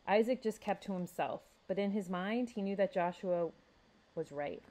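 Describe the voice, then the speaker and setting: A woman librarian reading a story aloud with a steady, expressive delivery. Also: medium pitch, normal speed, rough recording. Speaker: youth services librarian.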